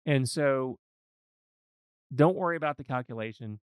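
A man's voice: mid-range voice, moderate pace, clear, resonant tone, no echo, clean studio sound. A man hosting a podcast as a financial advisor, talking in a folksy, earnest and emphatic way. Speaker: financial advisor and show host. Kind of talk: conversational podcast discussion.

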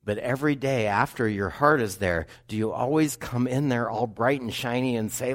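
A man's voice: medium pitch, normal speed, few pauses. A man preaching in church, reading scripture aloud and then turning to ask the congregation questions. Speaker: pastor. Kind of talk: sermon. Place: church sanctuary.

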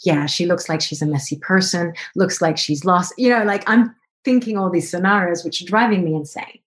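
Animated woman telling a personal story. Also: fairly low pitch, fairly quick. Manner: animated, acts out both sides of dialogue in quoted voices. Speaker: podcast guest.

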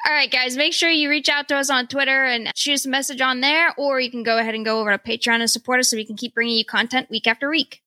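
A woman's voice: high-pitched, fairly even intonation, fast, hardly any pauses, bright, forceful tone, dry recording. A woman co-hosting a podcast, telling rambling, self-mocking stories in casual chat. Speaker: podcast co-host.

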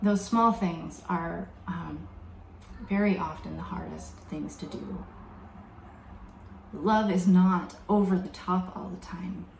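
A woman preaching a sermon in a reflective, measured way, slowing down to stress key words. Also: on the low side, gravelly, darkish tone, slight background noise. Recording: echoey room with faint background ambience.

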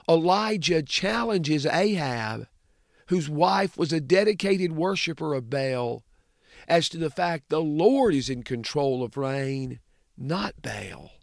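Male preacher, high lively voice with gravelly fry, dry close sound, sermon delivery swinging between loud emphasis and hushed drops. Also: dry recording.

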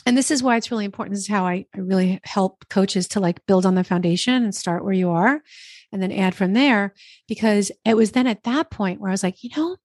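A woman from New Jersey telling her story as a podcast guest, chatty and animated, acting out her own thoughts in quotes. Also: medium pitch, a little fast, dry recording, clean studio sound. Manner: chatty, animated, lots of quoted self-talk. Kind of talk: casual interview storytelling. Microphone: podcast microphone.

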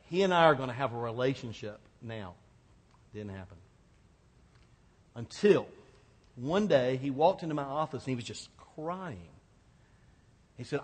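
A pastor tells a story from his own ministry in a relaxed, conversational sermon, now and then laughing as he goes. His voice sits a little high for a man and rises as the tale gets lively. The sound carries a long reverb from a church hall. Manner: conversational, animated retelling with laughs.

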